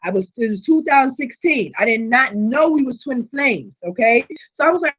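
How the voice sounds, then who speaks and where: A woman with a high voice tells a personal story straight to her viewers in a casual vlog. Her delivery is animated and full of profanity. She keeps checking in with the audience as she goes. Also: moderate pace. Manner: frequent rhetorical check-ins to viewers. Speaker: tarot reader and channel host.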